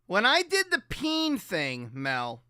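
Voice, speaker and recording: A man hosting a radio show, chatting loose and profane with a bright, lively voice that jumps around. He rambles and jokes. The studio sound is dry and close. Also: sits high, slow pace, smooth, dry recording. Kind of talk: casual chat on a morning radio show.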